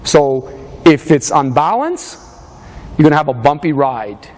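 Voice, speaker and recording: A man's voice: fairly high pitch, very animated, unhurried, darkish tone. A man leading a motivational fitness seminar, urging a live audience on with lots of energy. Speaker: fitness coach. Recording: reverberant hall.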